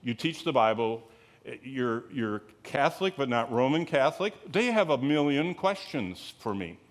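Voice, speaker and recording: A man's voice: medium pitch, very animated, moderate pace. Emphatic, digressive male Bible teacher. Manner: digressive, asks the audience rhetorical questions. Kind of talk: conversational Bible lecture to a live group.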